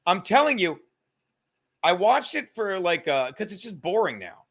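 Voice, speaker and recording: A young man hosting a livestream, talking in a profane, rambling, animated way. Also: high-pitched, a little slow. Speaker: livestream host. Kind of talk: casual livestream rant.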